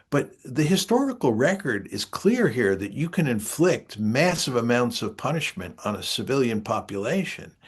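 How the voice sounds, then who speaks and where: An older man speaks with a husky, slightly breathy voice. His pitch rises and falls a lot as he makes his points, deliberate and emphatic, pausing on filler sounds as he lectures an interviewer. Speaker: guest political scientist. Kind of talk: interview answers.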